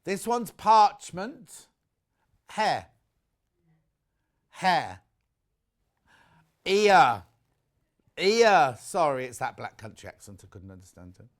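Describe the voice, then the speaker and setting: A man presenting on a live shopping channel, chatting warmly about fabrics and reading out viewer messages. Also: mid-range voice, huge pitch swings, slow pace, long pauses. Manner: chatty, gushing over products, reads viewer messages aloud. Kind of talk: live TV sales chat. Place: TV studio.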